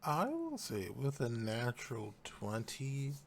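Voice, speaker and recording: A man narrating a tabletop game as dungeon master, calm and soft-spoken. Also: medium pitch, slow pace, a little hiss or hum.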